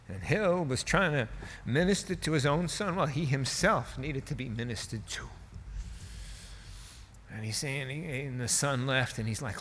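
A man's voice: medium pitch, normal speed, fairly bright tone, long reverb tail, slight background noise. A male preacher telling a story in a sermon, in a conversational, folksy way with asides.

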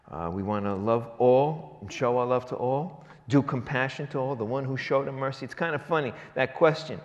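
A male pastor preaching a sermon, asking rhetorical question after question and swinging between loud emphasis and hushed lines. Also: mid-range voice. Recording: long reverb of a large hall.

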